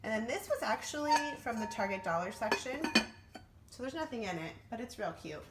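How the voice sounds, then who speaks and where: A woman's voice: on the high side, sing-song, brisk, roomy sound, heavy background noise. A young woman in a casual home vlog, chatty and upbeat, talking straight to her viewers as she walks between rooms with a handheld camera. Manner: chatty and upbeat, often says "you guys". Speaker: vlogger.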